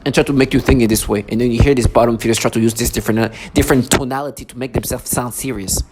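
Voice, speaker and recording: A man's voice: mid-range voice, steady tone, rapid-fire. A man in an angry vlog monologue, ranting and agitated, stumbling over restarts. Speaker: vlogger. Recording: noisy recording.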